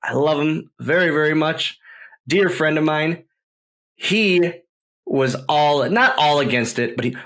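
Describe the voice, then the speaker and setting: A man's voice: on the high side, lively intonation, takes it slowly, bright, forceful tone. A man hosting a podcast, telling wrestling stories in an enthusiastic, rambling way and often repeating himself. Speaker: podcast host, former wrestler. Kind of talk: casual podcast storytelling.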